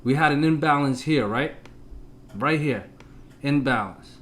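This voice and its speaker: A man's voice: medium pitch, a little slow. Emphatic man walking through stock charts. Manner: emphatic, talks straight to viewers; punchy, with exclamations. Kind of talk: casual market analysis talk.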